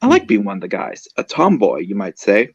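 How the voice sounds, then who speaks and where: Brief: easygoing tomboy cartoon girl, read by a man in a low voice, dull lo-fi sound. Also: huge pitch swings, fairly quick, husky, heavily acted. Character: tomboyish young female cartoon character.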